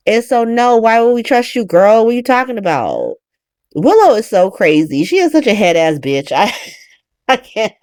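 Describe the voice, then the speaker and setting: A woman's voice: medium pitch, a little mellow, dry recording, studio quality. Young woman ranting through a soap recap. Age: young adult. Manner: ranting, profane, talks straight to the characters. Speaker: soap opera recap host. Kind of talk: casual recap chat.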